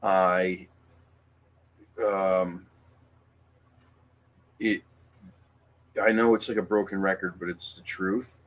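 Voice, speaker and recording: A middle-aged man hosting a casual livestream, speaking in an emotional, halting way with many fillers and restarts. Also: low-pitched, steady tone. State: emotional, near tears. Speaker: livestream host.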